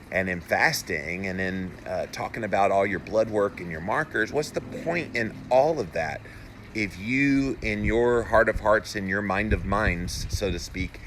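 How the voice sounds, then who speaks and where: A man's voice: fairly low pitch, fairly bright tone, slight background noise. A man hosting a solo live show, reading viewer comments aloud and giving earnest, encouraging pep talks. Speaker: health podcaster and host.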